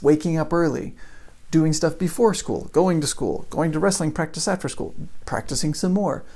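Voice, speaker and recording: A man's voice: a little high, creaky, warm tone. A man giving a casual motivational talk, telling a story and building it up with repeated phrases. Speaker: motivational speaker.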